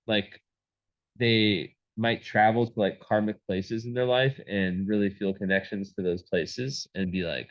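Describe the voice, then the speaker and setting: A man's voice: fairly low pitch, measured pace, lo-fi sound. A man giving a casual astrology reading, rambling with many fillers and restarts.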